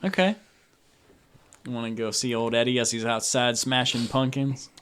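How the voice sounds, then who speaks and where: A man's voice: mid-range voice, fairly even intonation, normal speed, a bit bright, clear, resonant tone. A man narrating a tabletop game as game master, rambling casually and laughing often.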